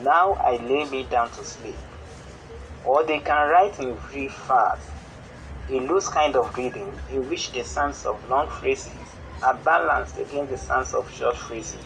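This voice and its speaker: A man's voice: medium pitch, slight background noise, poor audio. Nigerian man teaching a poetry lesson. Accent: Nigerian English. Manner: steady, explanatory teaching delivery. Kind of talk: classroom lesson on television.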